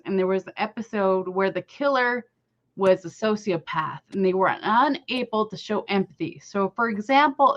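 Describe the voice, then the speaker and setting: A woman's voice: mid-range voice, fairly bright tone, lo-fi sound. A woman venting in a casual chat, tired and heated, cursing as she talks. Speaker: guest on a live commentary stream.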